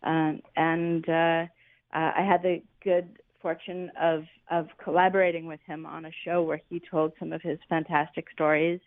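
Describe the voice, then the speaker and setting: A woman who is a guest musician, rambling warmly as she searches for words in an interview. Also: deep voice, no echo, narrow, tinny audio. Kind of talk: casual interview chat.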